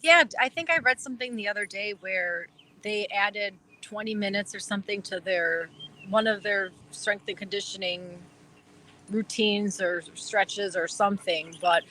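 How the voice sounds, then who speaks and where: A woman's voice: medium pitch, a little slow, pushed and bright, poor audio. A woman with a Wisconsin accent, a podcast guest chatting eagerly about her team in a rambling way with plenty of fillers. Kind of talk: casual chat.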